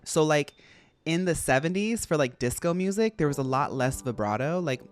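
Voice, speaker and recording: Playful rambling streamer with a lively voice. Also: medium pitch, moderate pace, soft background music. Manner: rambling, playful, jumps between topics. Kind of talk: casual gameplay stream chat.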